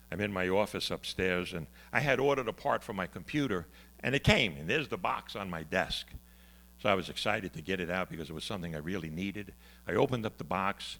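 A man preaching a storytelling sermon with a bright, gravelly voice. His pitch leaps and falls as he talks, and he moves between loud, excited bursts and quiet, hushed reflection. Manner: animated, conversational, swings from loud to hushed. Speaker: pastor.

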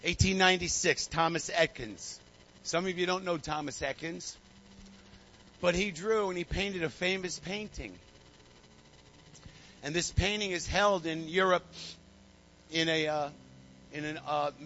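A man's voice: fairly high pitch, measured pace, long pauses, sharp tone, lo-fi sound, a little hiss or hum. A man preaching a sermon to his congregation, a fervent storyteller who repeats phrases and calls people forward. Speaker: pastor. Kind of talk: sermon with altar call. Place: church sanctuary.

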